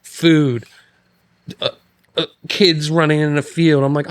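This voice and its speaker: A man's voice: on the high side, flat delivery, takes it slowly, pauses often, no room sound. A male podcast host talks casually and laughs often in a studio with mics and headsets. The sound is dry and close. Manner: laughs often, jokes about friends. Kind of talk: casual chat.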